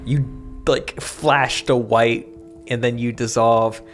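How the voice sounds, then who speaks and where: A man co-hosting a podcast, telling an improvised comedy story with animated voices. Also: medium pitch, takes it slowly, soft background music. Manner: animated, jumps into loud voices for characters. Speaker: podcast co-host.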